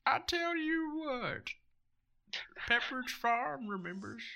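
A man doing a wavering, drawn-out voice of a creepy old man for a joke on a podcast. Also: extremely high pitch, sing-song, gravelly, sharp tone, pitched above the performer's own voice, exaggerated voice. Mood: reminiscing.

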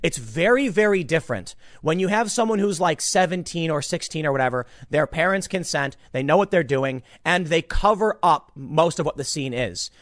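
A man rants into a close microphone in a dead, dry room, his voice sitting a bit high for a man. His pitch swings widely as he stresses points, and he trips over his words, repeating and restarting as he pushes his argument. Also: moderate pace, hardly any pauses, dry recording. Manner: animated, emphatic, ranting with repeated restarts. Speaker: commentator. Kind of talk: casual online commentary.

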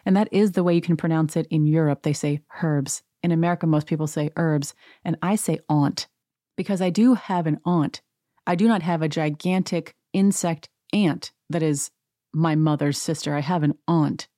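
A woman rants her way through a reality TV recap with a sarcastic, gossipy edge. Her voice sits a bit low for a woman. The sound is close and dry, with no room around it. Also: fairly even intonation, brisk, mellow, no echo. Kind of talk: rant-filled casual recap.

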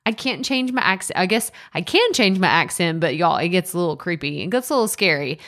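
A woman's voice: on the low side, lively intonation, fairly quick, a bit bright. A woman in her thirties with an East Texas accent, hosting a casual solo podcast in a chatty, self-deprecating way full of restarts and asides. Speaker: podcast host and coach. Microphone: podcast microphone.

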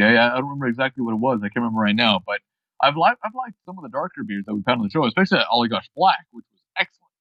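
A man co-hosting a podcast in casual chat, halting and restarting his sentences, laughing easily. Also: mid-range voice, no echo, muffled recording. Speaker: podcast co-host.

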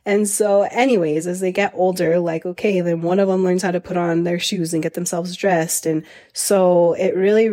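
Casting: woman in her thirties, low-ish voice, relaxed chatty podcast host, laughs between phrases. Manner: chatty, laughs often, lots of fillers. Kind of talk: casual chat.

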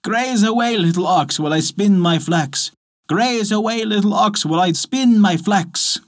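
A man voicing a poor, excitable old peasant woman in a folk tale, with shrill, excited cries. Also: unhurried, breathy edge, exaggerated voice. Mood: singsong.

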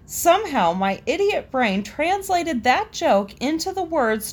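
Young woman, fairly high voice, casual story reading, chuckles between tales. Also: sing-song, measured pace. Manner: amused, laughs between stories. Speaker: storyteller reading listener stories.

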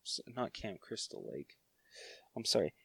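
A man hosting a podcast, laying out a story pitch in casual chat, with hesitations and fillers. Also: animated, measured pace, gravelly, pushed and bright, slightly rough, no echo. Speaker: podcast host. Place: podcast studio.

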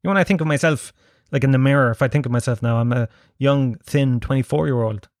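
A man's voice: medium pitch, fast, no echo, clean studio sound. Rambling, sweary Irish man in his thirties. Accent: Irish, Dublin. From Ireland. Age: 30s. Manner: rambling, sweary, self-mocking. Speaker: podcast host. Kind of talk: casual solo podcast monologue. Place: his sitting room at home.

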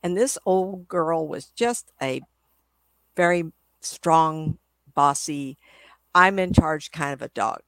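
A woman's voice: low-pitched, slow, fairly bright tone, no room sound. An older woman, a psychic medium guest, telling rambling stories in a casual interview. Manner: rambling, chatty storyteller.

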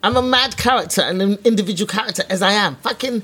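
Female comic, raspy-edged, blunt and self-deprecating, swears freely. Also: medium pitch, quick pace, a bit bright. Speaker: stand-up comedian. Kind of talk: casual podcast chat.

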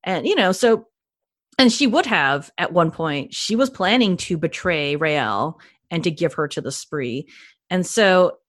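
A woman co-hosting a podcast, chatting enthusiastically with many quick restarts. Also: lowish voice, animated, dry recording, clean studio sound. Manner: enthusiastic, gushing, frequent restarts. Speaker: podcast co-host. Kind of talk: casual podcast chat.

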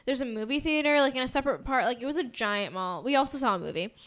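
A young American woman with a high-pitched, fairly bright voice talks fast with lively intonation. Co-hosting a podcast, she chats casually and rambles, full of fillers and giggles.

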